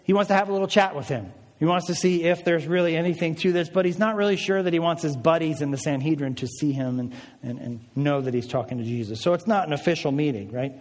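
A male pastor preaches in a lively, chatty manner, often turning to his listeners with quick questions. His voice sits a little high for a man. A long reverb from a large hall hangs on his words. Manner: lively, conversational, asks the audience. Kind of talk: sermon.

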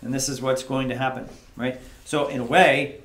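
A man's voice: mid-range voice, steady tone, moderate pace, a bit bright, a little hiss or hum. A man leading a midweek Bible study in an office. He talks conversationally, keeps checking in with the group by asking "right?", and dramatizes the prayers he reads. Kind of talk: casual Bible study teaching. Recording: echoey room.

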